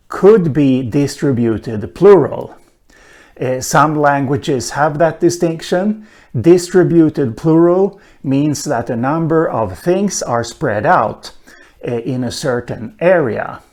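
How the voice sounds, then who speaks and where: A man giving a linguistics lecture, talking slowly with many "uh" fillers and an occasional dry aside. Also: fairly high pitch, expressive, a little mellow. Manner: slow, hesitant, frequent "uh" fillers, dry asides. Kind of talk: recorded online lecture.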